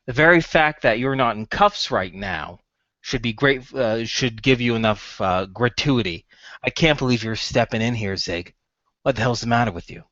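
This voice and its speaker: A man's voice: medium pitch, animated, moderate pace, fairly bright tone, no echo, lo-fi sound, natural voice. A man voicing a blunt, scolding middle-aged shop owner who is a stern father.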